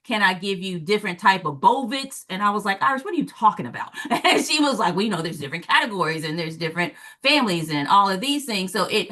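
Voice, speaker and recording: A woman in her forties from the American South, a former teacher and parent, telling stories on a talk show and acting out the quotes. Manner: animated storyteller, acts out quotes with big pitch jumps. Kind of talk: storytelling in a talk show discussion.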